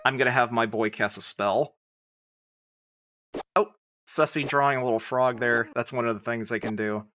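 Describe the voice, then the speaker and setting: A live streamer chatting casually, excitable and prone to giggling while commenting. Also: medium pitch, moderate pace, long pauses, background noise. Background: music playing.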